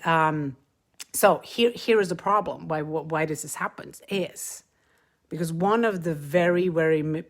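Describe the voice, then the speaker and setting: Chatty low-voiced woman coaching parents. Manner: chatty, emphatic, repeats key points, mimics parents in quoted asides. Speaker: host. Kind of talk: casual live-stream coaching talk.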